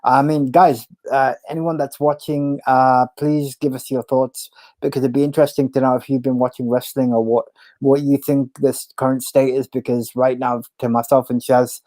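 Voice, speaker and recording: A man's voice: mid-range voice, little pitch movement, moderate pace, warm tone, dry recording. A man co-hosting a wrestling podcast, blunt and opinionated, stammering as he starts his points. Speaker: podcast co-host. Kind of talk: casual wrestling chat.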